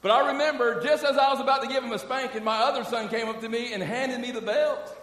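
A man's voice: very high-pitched, fast talker, fairly bright tone. A middle-aged man preaching a sermon as pastor, emphatic and conversational, often breaking in with "amen?" and "listen.". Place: church sanctuary. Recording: echoey hall from far off.

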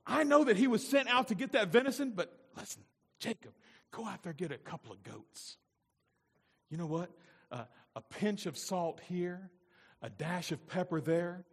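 A man preaching a sermon, voicing a scheming biblical mother who coaxes her son in a high sing-song falsetto. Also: expressive, normal speed, breathy edge, in a large hall, heavily acted. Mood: scheming, coaxing. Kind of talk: sermon with acted-out story.

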